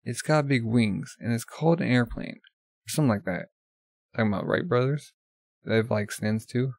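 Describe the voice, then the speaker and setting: A man's voice: medium pitch, normal speed, creaky, no room sound. Man casually reading a comic aloud. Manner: reads character lines in his own voice, stumbling and restarting. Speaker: manga reader.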